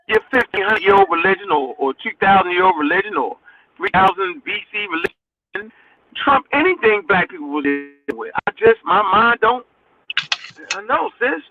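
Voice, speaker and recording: A man's voice: sits high, vocal fry, sharp tone, highs cut off. A man in a heated panel discussion, talking emphatically and stammering, with many repeated words. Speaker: guest panelist.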